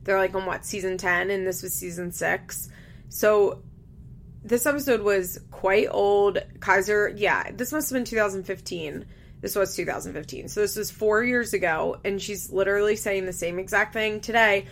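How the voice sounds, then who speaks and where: A woman's voice: medium pitch, normal speed, vocal fry, a bit bright, slight background noise. A young woman chatting casually as she recaps a reality show, candid, laughing often and swearing freely. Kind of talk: casual chat.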